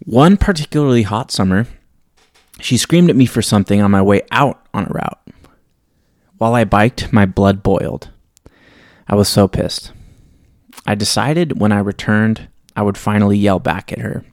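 A low-pitched man with a gravelly, creaky edge hosts a podcast and reads a story from his own life. He tells it in a reflective, wry way, and the sound is dry and close with no room behind him. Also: moderate pace, long pauses, darkish tone, no room sound. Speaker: podcast host. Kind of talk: reading a personal story aloud, then casual sign-off.

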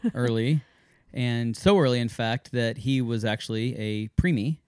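A man's voice: medium pitch, moderate pace, darkish tone, clean tone, no room sound. Dry-sounding man telling a family story. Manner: rambling, self-correcting storyteller. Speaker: podcast co-host. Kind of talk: casual storytelling chat.

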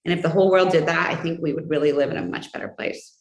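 A woman's voice: low-pitched, steady tone, roomy sound, rough recording. A woman in her forties answering interview questions in a heartfelt, casual way. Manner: warm, heartfelt, quickly emotional. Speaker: guest.

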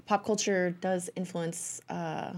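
A woman's voice: lowish voice, steady tone. Rambling woman podcast co-host. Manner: rambling, halting with fillers. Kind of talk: casual chat.

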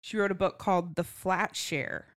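A woman's voice: on the low side, moderate pace, a bit bright. Chatty laughing woman podcast host. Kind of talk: casual book club chat.

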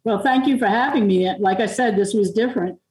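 A woman's voice: medium pitch, brisk, darkish tone. A middle-aged woman from Long Island, a podcast guest telling personal stories in a rambling way, full of fillers and restarts. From Long Island, New York. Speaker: podcast guest, music producer and author. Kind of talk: candid personal storytelling. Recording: roomy and distant from the mic.

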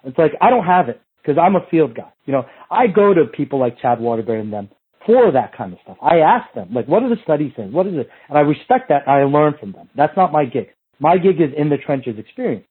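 A very husky, raspy male voice sitting a little high, coming through a thin, phone-like line. He tells a casual, swearing-heavy story as a hands-on coach. He jumps into the voices of the people in the story. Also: fairly quick. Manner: animated and profane, acts out what others said. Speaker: strength and movement coach.

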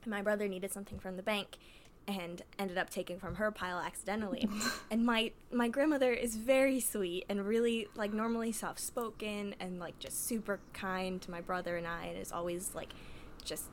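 A woman's voice: medium pitch, fairly even intonation, moderate pace, slight background noise. A young woman hosting a podcast, casually telling family stories with lots of giggles and filler words. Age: young adult. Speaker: podcast host. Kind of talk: casual storytelling.

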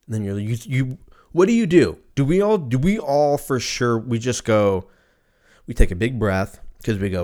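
A man's voice: mid-range voice, expressive, moderate pace, a little mellow. A man hosting a podcast alone, telling a rambling, profane, self-mocking story in a casual comedic monologue. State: in pain from a stubbed toe. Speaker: podcast host.

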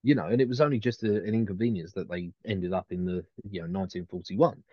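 A man with a fairly low voice talks his way around a point, full of restarts and fillers. The recording is dry and a little dull. The chat stays casual and unscripted. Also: quick pace, no room sound. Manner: rambling, many restarts and fillers. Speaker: podcast co-host.

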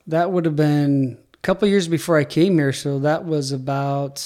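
A middle-aged man, a head athletic trainer, telling animated stories in a casual interview and acting out quoted dialogue. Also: a little high, moderate pace, hardly any pauses.

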